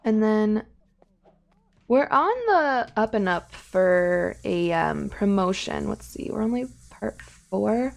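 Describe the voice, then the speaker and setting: A woman's voice: medium pitch, gravelly, a little mellow. A young woman chatting casually over her gameplay, rambling and giggling at her own asides. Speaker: gaming YouTuber.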